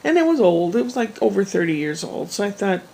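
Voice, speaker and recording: Speaking fairly quickly in a mid-range voice that's gravelly with vocal fry, a woman vlogger tells a winding personal story to the camera. She's chatty and relaxed, often restarting sentences and drifting into asides, on a low-quality recording with slight hiss or hum.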